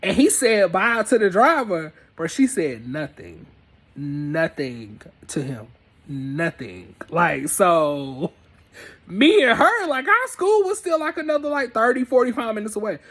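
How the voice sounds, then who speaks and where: A man's voice: high voice, big pitch swings, a little slow, a bit bright. Laid-back young man telling a story. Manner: laid-back, filler-heavy, chuckling. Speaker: storyteller host. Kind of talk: casual storytelling.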